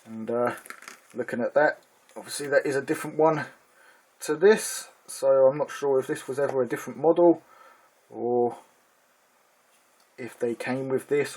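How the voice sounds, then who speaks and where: A man hosting his own miniatures hobby channel, casually reviewing a magazine issue in a relaxed, chatty way with frequent ums and uhs, now and then reading short passages aloud in a flatter tone. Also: mid-range voice.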